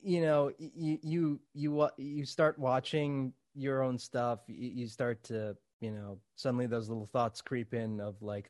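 Excitable male podcast host, dry mic. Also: medium pitch, a little slow, hardly any pauses, no echo. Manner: excitable, laughs often, stammering restarts. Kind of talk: casual interview chat.

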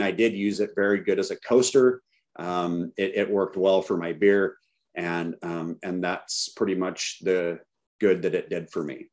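A middle-aged man with a low-pitched, darkish voice gives a candid recovery talk to a group, telling his personal story with self-deprecating humor.

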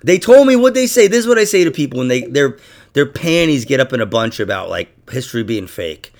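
A man hosting a podcast in casual chat, profane and animated, laughing through his asides. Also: mid-range voice, brisk. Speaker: podcast host.

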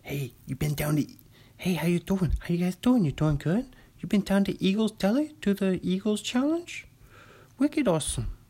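A man's voice: high voice, animated, moderate pace, warm tone, slightly rough, pitched above the performer's own voice, exaggerated voice. A man voicing a chummy, upbeat Boston guy who greets everyone enthusiastically.

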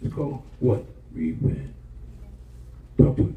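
A man's voice: mid-range voice, lively intonation, measured pace, phone-quality sound. A man preaching a sermon as pastor, impassioned, calling for responses from the congregation. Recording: roomy church sound from far off.

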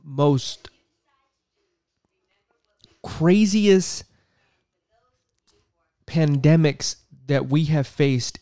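A man hosts a podcast in a fired-up, profane rant, circling back and repeating his points. His voice sits a little high for a man. The sound is dry and close, with no room echo. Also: a little mellow. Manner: profane, exasperated, repeats himself. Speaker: podcast host. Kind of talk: ranting podcast commentary.

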